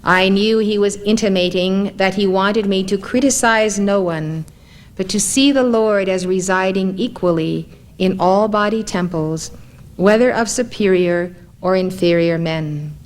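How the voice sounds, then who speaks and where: Calm woman reading a spiritual tale. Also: mid-range voice, a little slow. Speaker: narrator. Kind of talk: scripted spiritual story reading.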